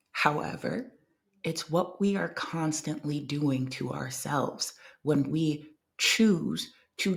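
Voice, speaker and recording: A woman hosting a podcast, giving an emphatic motivational monologue and repeating phrases for effect. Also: fairly low pitch. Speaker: podcast host.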